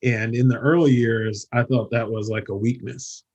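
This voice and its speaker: A man hosting a podcast, talking in a relaxed, friendly, conversational way. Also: medium pitch, moderate pace, husky, muffled recording. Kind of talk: casual chat.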